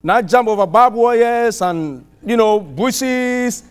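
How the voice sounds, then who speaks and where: A middle-aged man from outside the US preaching a sermon, telling a personal story with animated, swelling exclamations. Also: very high voice, takes it slowly, smooth.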